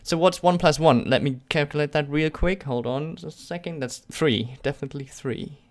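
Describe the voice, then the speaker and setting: A man's voice: fairly high pitch, moderate pace. Sarcastic German man on a live stream. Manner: sarcastic, joking, laughs often. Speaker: YouTube channel host. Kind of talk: casual live-stream Q&A, reading chat aloud.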